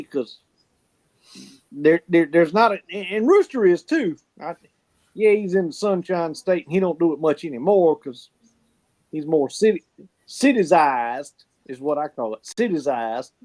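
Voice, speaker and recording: A man's voice: high voice, a little mellow. A man telling folksy stories in casual chat, swearing freely and laughing often. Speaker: podcast co-host.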